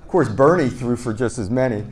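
A man's voice: mid-range voice, brisk. Man playfully retelling old stories. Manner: lively, re-enacts dialogue with "I go, he goes"; self-deprecating and playful. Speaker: podcast guest. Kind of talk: casual anecdotal storytelling.

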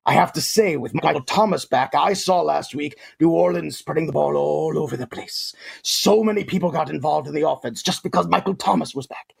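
A towering alien warlord voiced by a man with a deep, gritty rasp and a breathy, husky edge. He is smug and grandiose, pompous in every phrase, and talks about himself in the third person while making comic sports picks. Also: fairly quick, exaggerated voice. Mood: grandiose, playful. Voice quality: gravelly, husky.

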